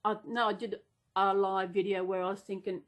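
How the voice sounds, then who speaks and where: A woman's voice: medium pitch, flat delivery, a little fast. A woman chatting casually and unplanned in a vlog, rambling and gushing with gasps and restarts. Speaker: vlogger.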